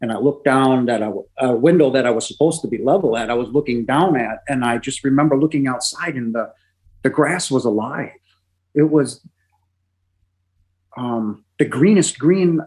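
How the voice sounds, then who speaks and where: Halting middle-aged man telling his story. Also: medium pitch, darkish tone, poor audio. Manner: halting, emotional, many pauses and restarts. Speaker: podcast guest. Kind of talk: personal testimony.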